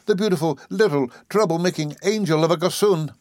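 A tender-hearted Irish wife speaks hushed and high-pitched, as a man puts her on. Her voice sounds close and dry. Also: a little fast, no echo, natural voice.

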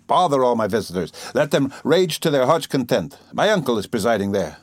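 A man voicing a tipsy, loyal young man who speaks loudly and boisterously. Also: mid-range voice, very animated, brisk, no room sound, clean studio sound, voice pushed up. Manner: loud, tipsy.

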